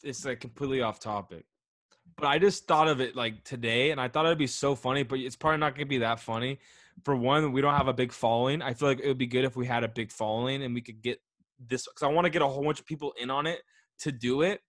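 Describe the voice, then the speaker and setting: Young man, podcast co-host, medium pitch, rambling, lots of fillers, dead dry sound. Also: quick pace, fairly bright tone, dry recording. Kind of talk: casual chat.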